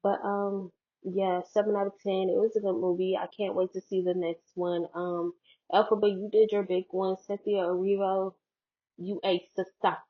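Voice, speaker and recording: A woman's voice: little pitch movement, normal speed. A young woman vlogging in a rambling, jokey way, full of fillers and self-mocking asides, recorded on a headphone mic. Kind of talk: casual chat. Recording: tinny low-quality headphone mic.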